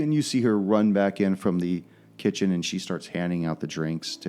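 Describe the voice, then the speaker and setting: A man narrating as game master of a tabletop game, with measured, descriptive storytelling. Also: low voice, a little mellow, clear, resonant tone.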